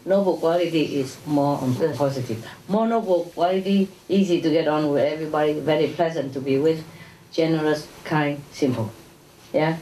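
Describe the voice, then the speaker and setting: A woman's voice: deep voice, expressive, normal speed, dark tone. Woman lecturing in an echoey hall. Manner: conversational, chuckling, frequent "you know" and "yeah?". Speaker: spiritual teacher giving a lecture. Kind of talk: informal spiritual lecture to an audience. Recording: echoey hall, distant mic, faint noise.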